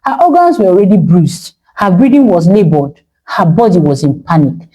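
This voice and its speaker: A woman's voice: fairly low pitch, expressive, moderate pace, dark tone, husky, low-quality recording. A woman narrating a dramatic story with emotive delivery.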